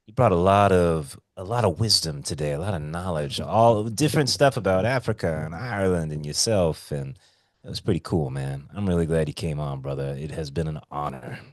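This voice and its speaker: A man's voice: very deep voice, fairly quick, no room sound. Laid-back man on a dry mic. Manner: laid-back, swears casually, says man and brother. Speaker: podcast host. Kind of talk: casual chat.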